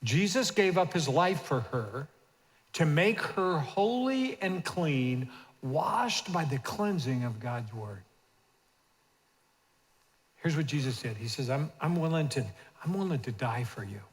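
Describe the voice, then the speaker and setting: An older man preaches a sermon in a church hall with a long reverb tail. His voice sits a little high, and he keeps calling on the congregation to repeat after him. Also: very animated, unhurried. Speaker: pastor. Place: church sanctuary.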